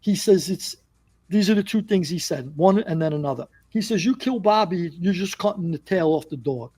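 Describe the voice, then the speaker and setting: Animated New York man telling stories. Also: sits high, normal speed, slightly rough. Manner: animated storyteller acting out quoted dialogue. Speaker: former mobster guest. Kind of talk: storytelling in casual interview.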